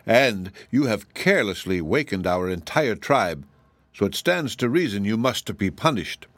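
A man's voice: fairly low pitch, big pitch swings, a little slow, a bit bright, no room sound, exaggerated voice. A man doing a chiding old dragon father. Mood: stern. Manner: chiding and pompous.

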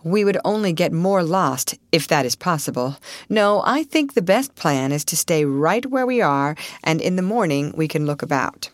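A woman's voice: low voice, sing-song, moderate pace, hardly any pauses, dry recording. A woman reading the part of a serious young man who speaks in a grim, matter-of-fact way.

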